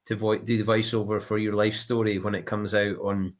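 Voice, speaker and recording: A man's voice: on the low side, flat delivery, fairly quick. A man hosting a live chat, reacting with enthusiasm and encouraging his guest. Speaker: host.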